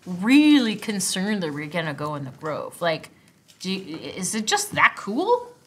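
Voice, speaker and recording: A woman playing a tabletop game, curious and playful, who asks quick questions. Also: on the low side, sing-song, husky. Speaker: player.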